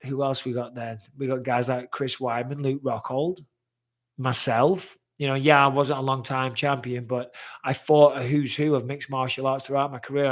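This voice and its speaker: A middle-aged man hosting a live stream, reading viewer questions and answering bluntly with frequent swearing. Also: medium pitch. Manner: blunt, swears freely, reads questions aloud.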